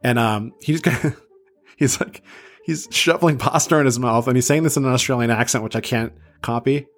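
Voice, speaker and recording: A man's voice: mid-range voice, moderate pace. Chatty, self-mocking man telling a story. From south of Boston, USA. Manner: chatty and self-deprecating, with many fillers and laughs. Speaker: podcast host. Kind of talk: casual storytelling podcast.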